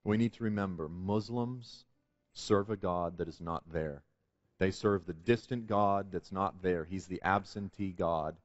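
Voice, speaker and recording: A man's voice: deep voice, unhurried, dry recording, muffled recording. A man telling a testimony story as a guest on a Christian talk show, earnest and building to emphatic preaching. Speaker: guest speaker.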